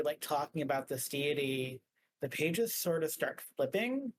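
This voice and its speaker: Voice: mid-range voice, background noise. A game master narrating a tabletop game in a rambling casual way, full of filler words.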